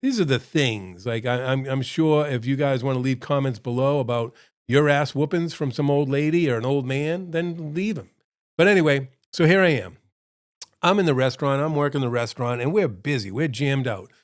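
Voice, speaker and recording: A man's voice: medium pitch, normal speed. A middle-aged man, a restaurant owner, casually telling a rambling, self-deprecating story and laughing often as he acts out both sides.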